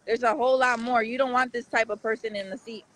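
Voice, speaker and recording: A man's voice: very high-pitched, level tone, fast, pushed and bright, low-quality recording. A man hosting a casual live street-news stream outside a courthouse, rambling and talking straight to his viewers.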